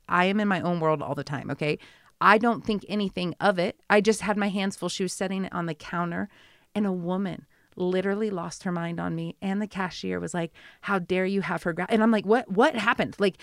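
A woman's voice: medium pitch, clear, resonant tone, dry recording. Woman, 30s, chatty guest storyteller, dry close mic. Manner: chatty, animated storytelling with many asides. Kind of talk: casual conversation.

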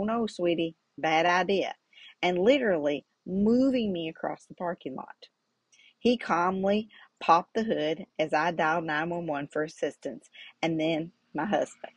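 A woman's voice: lowish voice, breathy edge, no echo. A middle-aged woman hosting a podcast, telling a personal story in an earnest, faith-centered way. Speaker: podcast host.

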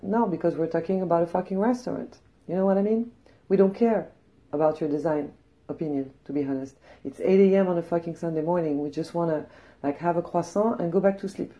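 A young woman with a French accent, hoarse after losing her voice, chatting casually and bluntly as host of her podcast. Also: fairly low pitch, fast, dark tone, muffled recording. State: hoarse, recovering from lost voice. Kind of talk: casual chat.

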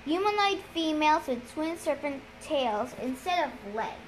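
A woman reading a novel aloud in a steady, deliberate storytelling manner. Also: sits high, a little hiss or hum, rough recording. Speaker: reader. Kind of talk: audiobook-style reading of a novel.

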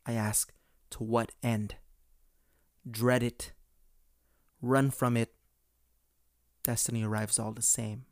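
A man doing an impression of a huge purple alien warlord, speaking slowly in a low, hushed, fatalistic way. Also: level tone, no room sound, clean studio sound, natural voice. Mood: grave.

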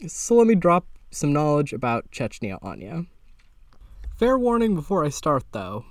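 A young man hosting a podcast, telling a story in a loose, improvised way, sarcastic and casually swearing, with sudden jumps in pitch for emphasis. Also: fairly bright tone, no echo, studio quality. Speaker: podcast host.

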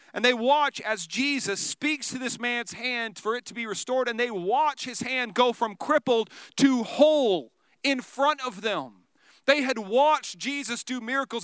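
A man preaching a sermon, telling the story in an animated way and dropping to a hush for dramatic moments. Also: very high-pitched, smooth, no echo. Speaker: pastor.

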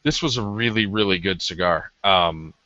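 A man's voice: sits low, moderate pace, pushed and bright, no echo. A man co-hosting a podcast, reviewing a cigar in a rambling, casual way with many ums. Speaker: podcast co-host. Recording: dull lo-fi audio.

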